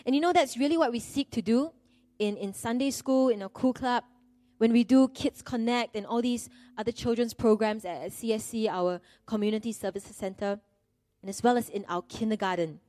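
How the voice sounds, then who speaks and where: A woman's voice: a little high, moderate pace, warm tone, no echo. A middle-aged woman, preaching a sermon in an earnest, conversational way with self-deprecating humor.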